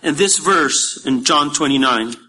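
A man who grew up speaking preaches in a church, his plain in every line. His voice sits a bit high and has a bright, forceful ring. He swings between emphatic, rising bursts and soft asides, with a faint hum in the room behind him. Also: a little slow. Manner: animated, emphatic preaching that drops to quiet asides. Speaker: pastor. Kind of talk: sermon.

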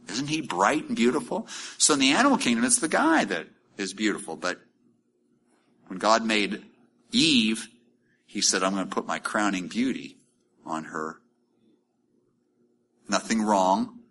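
A man's voice: mid-range voice, pushed and bright, slight background noise. A middle-aged man preaching a sermon in a conversational way, asking rhetorical questions and acting out quoted lines. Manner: acts out quoted lines in shifting voices. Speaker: pastor.

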